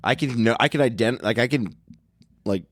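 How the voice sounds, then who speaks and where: A man's voice: medium pitch, normal speed, dry recording. A man co-hosting a podcast, chatting casually and trailing off with fillers. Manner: laid-back, trails off with fillers. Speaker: podcast co-host. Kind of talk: casual chat. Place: studio in a glass-walled room at a trade show.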